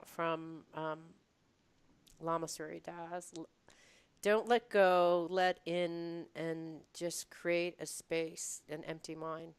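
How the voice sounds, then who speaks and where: A woman's voice: sits low, little pitch movement, slow, clear, resonant tone. A woman hosting a podcast in casual chat, giggling often and talking with many fillers. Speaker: podcast host.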